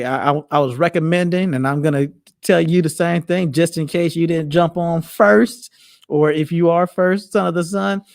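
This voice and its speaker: Gravelly-voiced man hosting a rambling monologue. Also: fairly high pitch, a little mellow, dry recording, clean studio sound. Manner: rambling, repetitive restarts. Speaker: host. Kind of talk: casual monologue.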